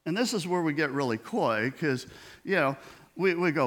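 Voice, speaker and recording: A man's voice: fairly high pitch, animated, moderate pace, a bit bright. A man preaching a sermon in a conversational way, acting out the dialogue he quotes. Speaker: pastor.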